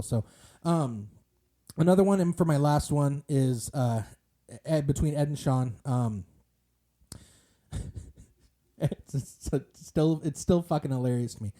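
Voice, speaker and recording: Male podcast co-host, deep-toned and mellow, chatty and rambling. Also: moderate pace. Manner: rambling, many fillers and restarts. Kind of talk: casual movie discussion.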